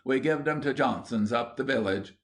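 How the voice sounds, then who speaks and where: A man's voice: normal speed, lightly acted. A man reading an audiobook, voicing a cheeky, mocking village boy who taunts rudely. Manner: rude, jeering, shrill taunts.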